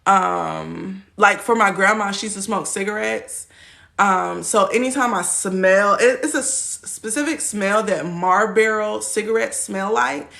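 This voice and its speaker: A woman's voice: medium pitch, a little slow, creaky, a bit bright. A woman in her twenties teaching on a livestream in a loose, slangy chat, laughing often and acting out quoted voices. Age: 20s.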